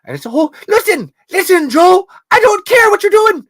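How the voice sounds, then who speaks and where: A man putting on a loud Irish accent as an exasperated family man, ranting and shouting. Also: sing-song, brisk, dry recording, heavily acted. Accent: Irish put-on. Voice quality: loud, high-pitched and ranting.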